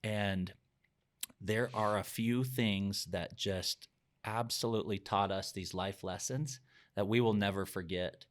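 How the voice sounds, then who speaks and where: Middle-aged guy with a lowish voice, earnest and reflective, sharing a personal story on a podcast. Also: steady tone, measured pace. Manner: earnest, reflective, sometimes emotional. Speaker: podcast guest.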